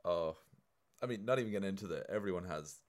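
A man's voice: sits low, fast. A young man co-hosting a casual podcast, swearing freely and joking with a friend. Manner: swears a lot, lively voice acting in quoted bits. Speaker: podcast co-host. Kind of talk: casual banter.

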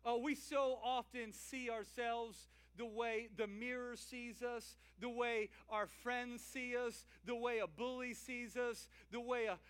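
High-voiced Cajun pastor preaching. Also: male voice, slow pace, few pauses, smooth. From Louisiana. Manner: lively, call-and-response preaching with jokes. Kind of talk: sermon. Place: church.

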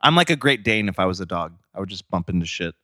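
Podcast co-host, young man, bright and punchy, profane and jokey, dry close mic. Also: deep voice, sing-song, fast, no echo. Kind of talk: casual chat.

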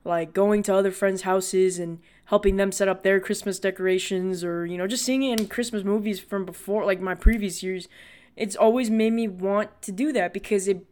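A man's voice: high-pitched, steady tone, normal speed, a little mellow. A young man hosting his own podcast, talking in a loose, rambling monologue full of "like" and "you know.". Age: young adult. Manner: chatty, heavy on "like" and "you know" fillers. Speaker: podcast host. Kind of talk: casual solo podcast monologue.

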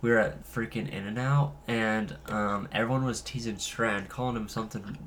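A man with a blocked nose chats loosely as a podcast co-host, rambling and laughing between stories. His voice is bright and forward. A faint hiss sits under the recording. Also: lowish voice, moderate pace. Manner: laid-back, laughing, rambling. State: stuffed-up nose. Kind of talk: casual podcast chat.

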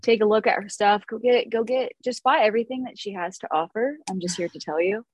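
A woman hosting a casual chat, relaxed and talkative, with a bit of casual swearing. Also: mid-range voice, fairly quick, breathy edge, poor audio. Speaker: host, hair stylist.

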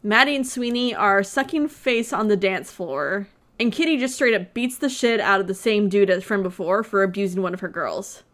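A woman's voice: medium pitch, moderate pace, a bit bright. A woman co-hosting a podcast, retelling a movie plot in casual chat with sarcasm and frequent laughter. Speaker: podcast co-host.

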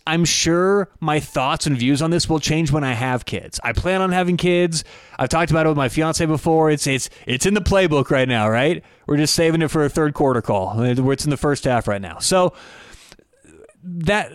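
A man's voice: fairly high pitch, dry recording. Young guy hosting a betting show, blunt and opinionated, rambles and restarts, dry close mic sound. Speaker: sports betting podcast host. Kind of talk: casual solo commentary.

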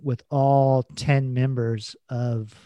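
A man's voice: medium pitch, flat delivery, takes it slowly, dark tone, no room sound. A man co-hosting a podcast in casual chat, laid-back, swearing and laughing as he tells stories, full of "like" and "you know". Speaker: podcast co-host.

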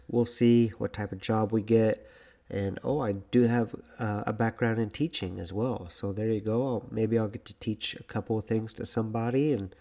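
A man's voice: fairly low pitch, dark tone. A young man hosting his own podcast, talking alone in a rambling, self-deprecating way. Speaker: podcast host. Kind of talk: casual solo podcast monologue.

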